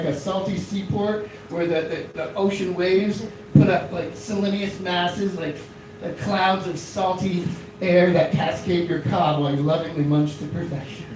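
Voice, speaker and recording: A man's voice: high voice, background noise. A man in his thirties from Florida doing a rambling stand-up comedy set in a small club, full of fillers and restarts. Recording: echoey club from a distant mic.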